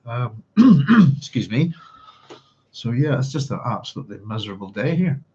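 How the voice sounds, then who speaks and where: With a warm, sing-song delivery at medium pitch and normal speed, a man runs a book club livestream, rambling chattily while reading and humming to himself. The stream audio is lo-fi and a little dull.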